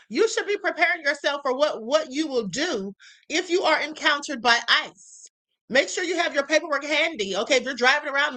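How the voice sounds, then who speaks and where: A woman's voice: high voice, bright, forceful tone. A woman hosting a livestream, reacting to clips in casual, sassy commentary, calling viewers honey and baby.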